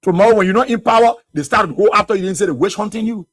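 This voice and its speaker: A man's voice: high-pitched, rapid-fire, no echo. A Liberian man hosting a radio talk show, delivering fiery political commentary full of rhetorical questions. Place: radio studio.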